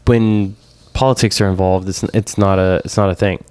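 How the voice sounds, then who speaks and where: A man on a podcast, chatting casually and telling rambling, animated stories full of restarts and swearing. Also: low voice, moderate pace, smooth, no room sound. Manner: rambling, animated storytelling with many restarts and profanity. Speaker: podcast co-host. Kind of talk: casual chat.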